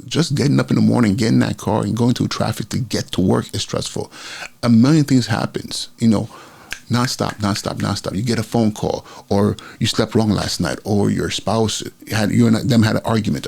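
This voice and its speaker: A middle-aged man talks through his podcast in an unscripted, conversational way, pausing on fillers and restarting sentences. His voice sits low and is deeply gravelly. It also carries a husky roughness throughout. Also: darkish tone. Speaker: school principal and podcast host. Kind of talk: casual solo podcast talk.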